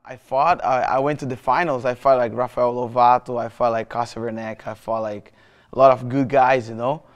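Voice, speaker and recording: A man in his thirties with a Brazilian Portuguese accent tells a personal story in an interview, halting and restarting, with many fillers. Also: mid-range voice, steady tone, highs cut off. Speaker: jiu-jitsu athlete.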